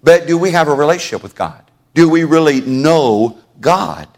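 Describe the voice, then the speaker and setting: A man's voice: a little high, lively intonation, normal speed. A man preaching a sermon to his congregation in a church, folksy and conversational, calling on listeners by name. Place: church sanctuary.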